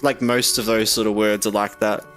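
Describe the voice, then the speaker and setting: A man's voice: lowish voice, little pitch movement, moderate pace, fairly bright tone, soft background music. A man with an Australian accent chatting casually with his live-stream audience, bantering, musing aloud and chuckling often. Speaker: game streamer.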